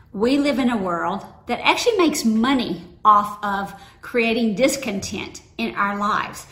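Woman preaching in an echoey room. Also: a little high. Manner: conversational, storytelling with personal anecdotes. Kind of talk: sermon. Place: church sanctuary. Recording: roomy echo.

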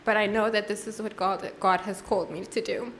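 A woman sharing her personal testimony at a worship service, earnest and halting, with frequent pauses and restarts. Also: medium pitch, steady tone, fairly bright tone, slight background noise. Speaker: church testimony speaker.

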